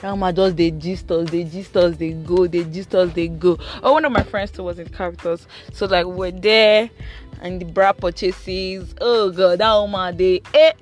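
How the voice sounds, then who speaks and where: A woman's voice: lowish voice, fairly even intonation, moderate pace, soft background music. A young woman with a Nigerian accent chatting playfully about her week in a car, slipping into Pidgin. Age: young adult. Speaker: vlogger. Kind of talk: casual storytelling chat.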